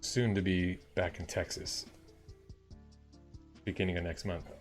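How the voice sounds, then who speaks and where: Laid-back lower-voiced man signing off a stream. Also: fairly even intonation, a little slow, soft background music. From Long Island, New York. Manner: rambling, laid-back, lots of fillers. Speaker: live coding streamer. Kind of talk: casual chat to viewers.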